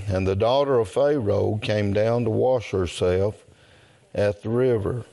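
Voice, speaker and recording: A man, leading an evening service and slowly reading scripture aloud with long pauses. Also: on the low side, warm tone. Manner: slow, deliberate reading with long pauses, throat clearing. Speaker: preacher.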